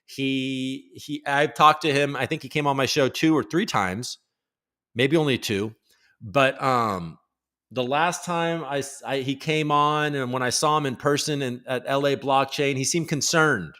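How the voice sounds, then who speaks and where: A man's voice: mid-range voice, a little slow, pushed and bright. A man hosting a casual crypto livestream, rambling and joking irreverently as he reads viewer comments.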